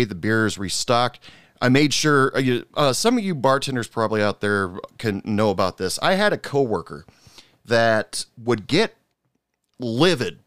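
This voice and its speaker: A man's voice: medium pitch, a bit bright, clear, resonant tone, no echo, studio quality. A middle-aged man hosting a podcast and telling casual stories about bartending. He talks animatedly with frequent fillers, and his voice jumps up sharply when he gets annoyed. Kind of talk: casual storytelling monologue.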